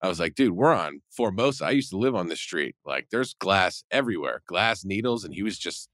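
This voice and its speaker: A man with a very deep voice tells a rambling story and acts out what people said along the way. He speaks close to the mic in a dry space, in the manner of a podcast regular. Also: animated, brisk, fairly bright tone, no echo. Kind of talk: casual anecdote telling.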